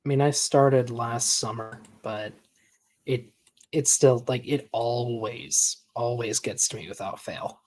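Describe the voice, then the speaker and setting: Man, medium pitch, hesitant, soft-spoken, casual chat. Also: slow.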